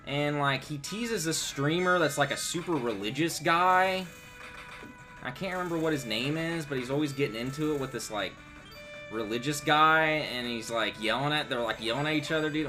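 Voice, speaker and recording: With game music in the background, a man streams games and keeps up a casual live-stream chat, rambling and swearing easily. The streamer's voice is fairly high in pitch with a sharp tone.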